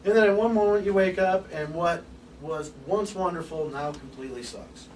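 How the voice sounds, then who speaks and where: A man giving an open forum lecture to a live group, animated and casual, swearing now and then and acting out little scenes. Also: a little high, normal speed, echoey room. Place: room with an audience. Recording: distant mic with background hiss.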